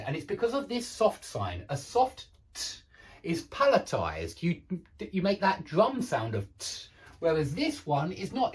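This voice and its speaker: A man teaching a beginner language lesson who explains patiently and slowly repeats words to model how they sound. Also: sits high, huge pitch swings, recorded from a distance.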